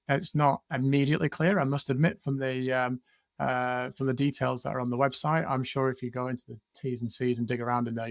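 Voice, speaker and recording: A man's voice: mid-range voice, no echo, clean studio sound. A man co-hosting a podcast in casual chat, hesitant, with many ums and restarts. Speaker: podcast co-host.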